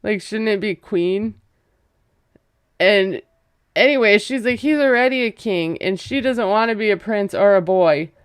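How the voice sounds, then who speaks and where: A woman's voice: medium pitch, a little slow, pauses often, clean tone, no room sound, studio quality. A woman casually recapping a reality show, chatty and gossipy, acting out quotes and laughing as she goes. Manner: gossipy, retells scenes with quoted voices and laughs.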